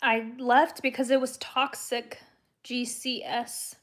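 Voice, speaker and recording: A woman's voice: a little high, level tone, slow pace, a bit bright. A woman from Texas, chatting casually with viewers on a livestream, rambling through stories and laughing often. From San Antonio, Texas, USA.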